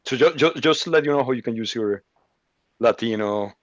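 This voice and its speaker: A man on a panel, enthusiastic and quick to agree, stumbling over his restarts, heard through dull lo-fi audio. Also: medium pitch, no echo. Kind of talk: panel discussion.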